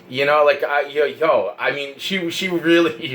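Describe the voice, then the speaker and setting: A man telling a rambling personal story, profane and excitable, often repeating himself and restarting. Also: fairly high pitch, moderate pace, hardly any pauses, a little hiss or hum, poor audio.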